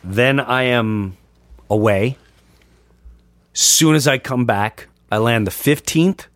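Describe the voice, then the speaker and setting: A man hosts a casual podcast, chatting in an animated, excitable way. His voice sits in a middle range. The sound is dry and close, with no room. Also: mid-range voice, slow, dry recording. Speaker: podcast host and comedian. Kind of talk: casual chat.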